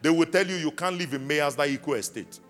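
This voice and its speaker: A South African pastor with a somewhat high voice preaches a sermon at a slightly quick pace, calling out questions for his congregation to answer back. He's in a large church hall, and the recording has long hall reverb with faint music behind him.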